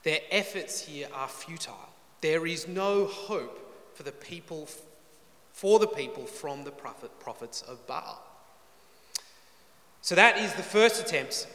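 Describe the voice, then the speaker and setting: A man's voice: a little high, sharp tone. A man preaching through a Bible passage, reading verses dramatically and adding wry, joking asides. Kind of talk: expository sermon. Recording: roomy echoey hall.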